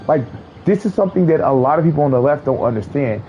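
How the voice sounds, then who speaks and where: Blunt, profane man ranting with a dark voice. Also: on the high side, animated, fast, highs cut off, slight background noise. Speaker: streamer. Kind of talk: casual ranting commentary while gaming.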